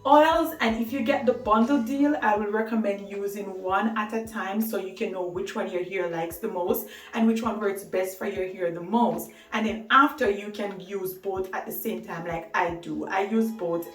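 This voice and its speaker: A woman's voice: medium pitch, normal speed, few pauses. A woman talking to camera about hair care, chatty and enthusiastic, often laughing. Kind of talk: casual talk to camera. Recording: roomy echo, mic at a distance, faint music.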